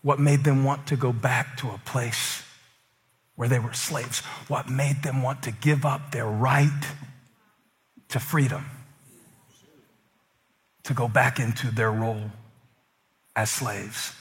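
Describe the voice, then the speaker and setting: A middle-aged man preaching a sermon in an animated way, acting out voices and swinging from loud outbursts to hushed lines. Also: mid-range voice, takes it slowly, long pauses, in a large hall. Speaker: pastor.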